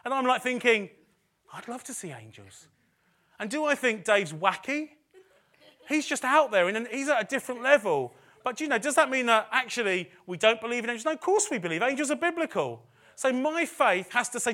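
A man's voice: very high-pitched, sing-song, fairly quick, sharp tone. A middle-aged man preaching a sermon in a chatty way, with self-deprecating asides and phrases repeated for emphasis. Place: church service.

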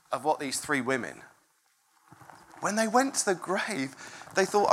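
Animated, bright-voiced preacher. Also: medium pitch, measured pace, gravelly, long pauses, slight background noise. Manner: animated, chatty, self-interrupting, laughs often. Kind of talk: informal sermon storytelling. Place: room with a congregation.

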